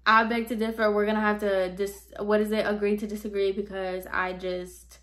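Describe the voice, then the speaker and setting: A young woman hairstylist telling a casual storytime rant, sassy and animated, acting out the people she quotes. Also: medium pitch, moderate pace. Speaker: hairstylist vlogger.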